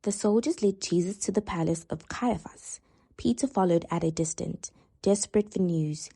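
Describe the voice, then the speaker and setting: A woman narrating a children's read-along story in a steady, expressive storybook manner. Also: fairly low pitch, moderate pace, slightly rough. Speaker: storyteller reading a children's ebook aloud.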